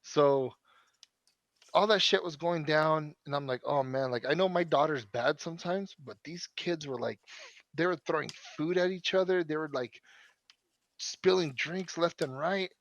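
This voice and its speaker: A man's voice: on the high side, no echo, highs cut off. A young man rambling through a profane story in casual podcast chat. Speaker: podcast co-host.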